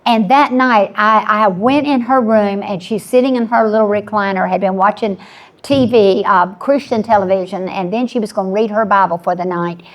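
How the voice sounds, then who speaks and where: A woman's voice: medium pitch, moderate pace. Woman in her seventies telling a story. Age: 70s. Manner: earnest storytelling with frequent restarts. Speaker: panelist. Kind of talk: personal testimony on a panel.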